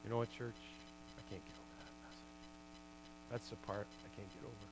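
A middle-aged man giving a sermon testimony in a church, an animated storyteller who swings from loud bursts to hushed asides. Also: on the low side, brisk, heavy background noise. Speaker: guest preacher, former hockey player.

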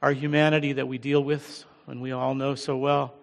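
Gravelly American preacher in a hall. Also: male voice, medium pitch, level tone. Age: middle-aged. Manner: humble, halting, with many fillers. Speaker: guest pastor. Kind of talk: sermon. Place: large church hall. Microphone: handheld or headset mic. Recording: long church hall reverb.

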